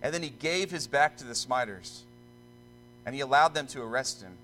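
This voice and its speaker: Earnest preacher man, bright voice. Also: medium pitch, lively intonation, a little hiss or hum, poor audio. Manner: solemn, deliberate scripture reading, then earnest preaching with repeated restarts. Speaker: pastor. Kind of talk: sermon with scripture reading. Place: church.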